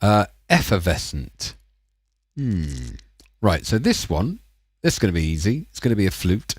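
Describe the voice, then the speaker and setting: A man in his thirties chats his way through a live music session, wandering off topic and poking fun at himself. His voice sits low, and the sound is dry with no room echo. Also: very animated, moderate pace, husky. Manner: rambling, chatty and self-mocking. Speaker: livestream music producer. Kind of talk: casual live-stream chat.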